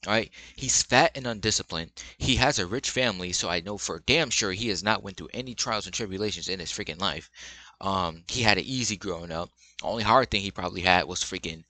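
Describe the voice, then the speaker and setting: A young man gives rambling, blunt advice in a casual commentary voice. His tone is bright and forceful, sitting a little low in pitch. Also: dry recording.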